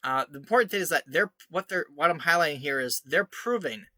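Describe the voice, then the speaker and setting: Sneering man with a bright voice. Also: on the high side, expressive, brisk, no room sound. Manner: mocking, scornful, laughs often. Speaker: online commentator. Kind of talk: sarcastic commentary over screenshots; reading his own article aloud.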